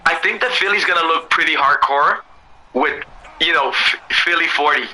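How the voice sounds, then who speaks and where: A man with a hoarse voice in loose, laughing casual chat as co-host, swearing freely. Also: a little high, moderate pace, pushed and bright, rough recording.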